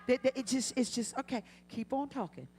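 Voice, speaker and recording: A woman preaching a sermon in a church, swinging from quiet to loud, passionate peaks, with humorous asides. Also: sits high, brisk. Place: church sanctuary.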